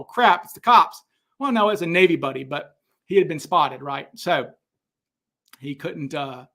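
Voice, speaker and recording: A middle-aged man hosting a casual question-and-answer stream, telling anecdotes in an animated way with many fillers and restarts. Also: on the high side, creaky. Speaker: host answering viewer questions. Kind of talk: casual livestream Q&A.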